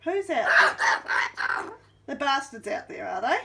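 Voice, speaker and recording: A woman's voice: sits high, sing-song, takes it slowly, gravelly, very noisy. A woman talking to her pet at home in a coaxing, teasing baby-talk manner. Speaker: pet owner. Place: indoors at home by a window.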